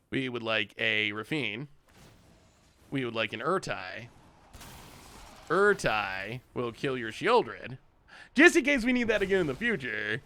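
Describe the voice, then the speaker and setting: A man streams a card game, giving casual commentary, laughing often and addressing both his opponent and his chat. His voice is slightly high, bright and forceful. It's a dry, studio-quality recording.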